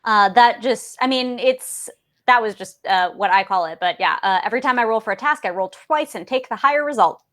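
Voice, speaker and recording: A woman playing a tabletop game who talks casually and haltingly, with many fillers. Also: on the high side, fairly bright tone. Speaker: player.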